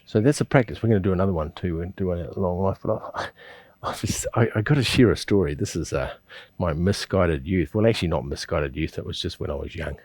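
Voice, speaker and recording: Chuckling low-voiced New man. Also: fairly quick, a little mellow, dry recording. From New Zealand. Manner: rambling, chuckling storyteller with frequent restarts. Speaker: qigong teacher. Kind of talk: instructional class with personal storytelling.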